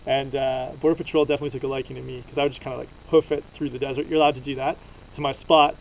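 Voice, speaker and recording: A man's voice: mid-range voice, flat delivery, rapid-fire, vocal fry, a little hiss or hum, poor audio. A young man from Canada telling travel stories in a casual, rambling vlog, full of fillers, recorded outdoors at a desert campsite. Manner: rambling, filler-heavy storytelling. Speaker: vlogger.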